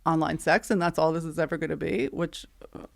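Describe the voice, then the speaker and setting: A middle-aged woman co-hosts a podcast, chatting casually and telling a story, re-enacting texts and dialogue with frequent laughs. Her voice is low and steady with vocal fry, and she talks briskly.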